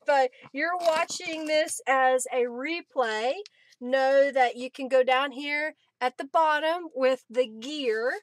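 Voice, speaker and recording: High-voiced chatty woman livestreaming. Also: a little hiss or hum. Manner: chatty, greets viewers by name, laughs often. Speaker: craft livestream host. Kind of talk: casual live-stream chat while crafting.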